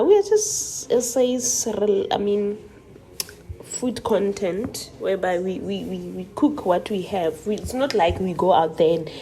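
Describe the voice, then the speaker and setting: A young woman with a South African accent talks her way through a casual home cooking vlog. Her voice is mellow and warm rather than bright, with a faint hiss of noise underneath. She is chatty and playful, drifting into rambling asides to the viewer. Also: lowish voice. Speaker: cooking channel host.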